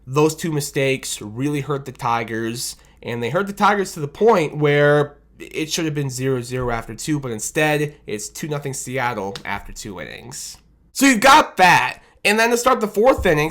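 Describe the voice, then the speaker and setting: A man giving a casual, animated recap of his team's loss as a fan commentator, self-deprecating and rambling, talking into a desk microphone. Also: a little high, moderate pace. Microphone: desk microphone on camera.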